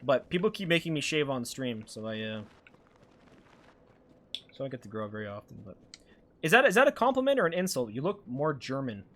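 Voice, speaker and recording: A man's voice: medium pitch, sing-song, fairly quick, long pauses, a bit bright, a little hiss or hum. A young man from Alberta with a light Canadian accent, casually chatting with his stream chat while playing a game and reading questions aloud. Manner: rambling, reads chat aloud and answers it. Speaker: live-streamer.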